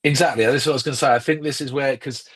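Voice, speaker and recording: A man's voice: mid-range voice, steady tone, rapid-fire, a bit bright, breathy edge. A man co-hosting a film podcast, chatting casually and rambling with lots of ums and restarts. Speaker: podcast co-host. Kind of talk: casual film review chat.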